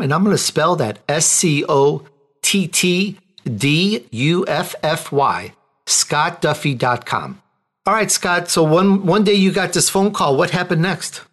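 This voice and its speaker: Slow-speaking male interview host. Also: on the high side, fairly bright tone. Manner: laughs along, short reactions. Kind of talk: radio interview.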